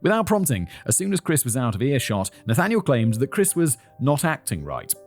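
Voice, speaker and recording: A man's voice: fairly quick, soft background music. A man with a British accent hosting a podcast, reading a case aloud with rambling, self-mocking asides. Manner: rambling, self-mocking asides, climbs high when excited. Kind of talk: casual chat with read narration.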